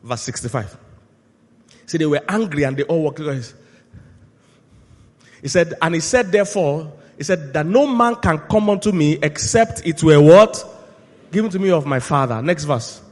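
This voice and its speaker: A male pastor preaching a sermon, asking the congregation to finish his lines and swinging from quiet asides to loud shouted peaks. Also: on the high side, lively intonation, normal speed, long pauses. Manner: call-and-response questions to the congregation. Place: church hall. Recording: long hall reverb.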